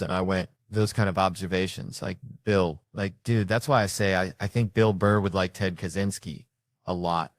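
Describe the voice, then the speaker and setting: A lower-pitched man chatting on a podcast, telling stories and jumping into voices for each person he describes. The sound is dry and close, with no room in it. He swears freely and gets loud when he acts out a scene. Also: fairly even intonation, normal speed, no echo. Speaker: podcast host. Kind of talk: casual storytelling chat.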